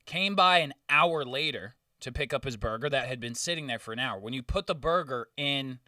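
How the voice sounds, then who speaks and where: A young man co-hosting a casual podcast, with a bright, forceful voice and plenty of swearing. He tells his stories with energy and acts out other people in raised voices. He sits a bit back from the mic, but the sound stays dry. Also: medium pitch, a little fast, dry recording, far from the mic. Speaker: podcast co-host. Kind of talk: casual storytelling chat.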